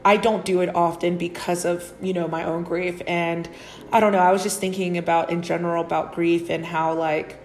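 A young adult woman hosting a podcast, talking in a casual, rambling way with many fillers and calling her listeners y'all, moving into soft, earnest spiritual affirmations. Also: fairly low pitch, flat delivery, normal speed. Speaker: podcast host, psychic reader. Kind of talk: reflective spiritual monologue.

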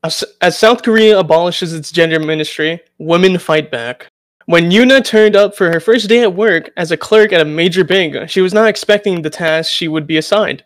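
A man's voice: high voice, normal speed, a bit bright, no echo. A man co-hosting a podcast, reading an article aloud with stumbles and sarcastic asides. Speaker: podcast co-host. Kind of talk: reading an article aloud, then casual chat.

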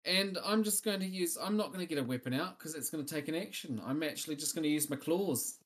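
A man's voice: on the high side, fast talker. A man playing a tabletop game, thinking aloud as he picks his character's moves. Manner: thinks aloud while scrolling through options. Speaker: player. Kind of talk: casual game talk.

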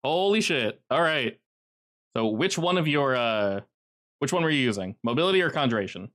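A man's voice: medium pitch, animated, moderate pace, a bit bright. Man narrating a tabletop game. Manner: casual, vivid storytelling with fillers. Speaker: game master.

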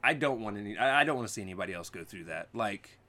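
Male co-host, 30s, bright tone, blunt and opinionated, casual swearing. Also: fairly low pitch, lively intonation, fast talker. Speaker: podcast co-host. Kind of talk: casual chat.

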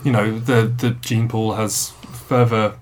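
A man's voice: fairly low pitch, level tone, a little slow, slight background noise. A man co-hosting a casual board game podcast, explaining things carefully with some hesitant fillers. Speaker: podcast co-host.

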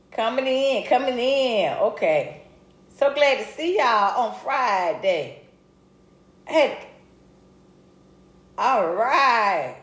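A middle-aged woman with a slightly high voice hosts a casual livestream and greets her viewers one by one. She talks in a lively, chatty way and laughs easily. The room adds a noticeable echo. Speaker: livestream host. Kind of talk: casual live chat reading comments. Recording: roomy echo.

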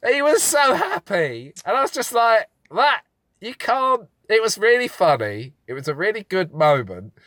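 Animated storytelling man, somewhat high voice, dry close mic. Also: moderate pace, hardly any pauses, no echo. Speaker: podcast co-host, comedian. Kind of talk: casual comedic chat.

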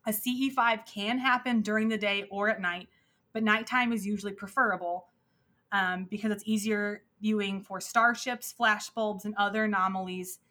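A woman's voice: mid-range voice, fairly even intonation, normal speed, sharp tone. A woman co-hosting a podcast, talking in a casual, chatty way with lots of filler words. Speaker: podcast co-host. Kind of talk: casual chat.

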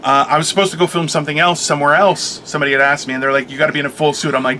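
A man chatting casually as a co-host, telling an animated story, acting out quotes and laughing often. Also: a little high, racing, a little hiss or hum. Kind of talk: casual chat.

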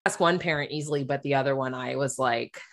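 A woman with a deep, low voice chats casually with a friend on a podcast. She talks candidly and laughs often, swearing freely as she goes. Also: quick pace. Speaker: podcast co-host. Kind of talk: casual chat.

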